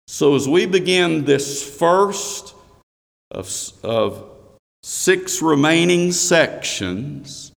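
A man preaching a sermon. He reads scripture aloud in a raised voice, then explains it slowly. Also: mid-range voice, gravelly, big-room sound.

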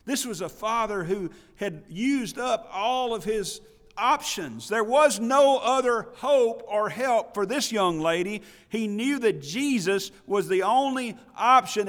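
A man preaches a sermon with earnest conviction, leaning on rhetorical questions and repeated phrases. His voice sits fairly high for a man. The sound rings with long reverb, as in a church hall. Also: lively intonation, measured pace, fairly bright tone.

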